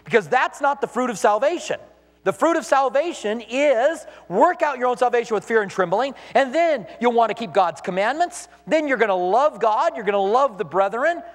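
A man preaching a sermon as a pastor, animated, acting out the voices he quotes. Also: very high voice, moderate pace, in a large hall.

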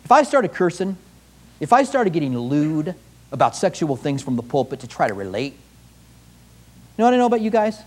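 A man's voice: a little high, very animated, fairly quick, long pauses, a little mellow. A male pastor preaching a fervent sermon in a church, firing pointed rhetorical questions at the congregation.

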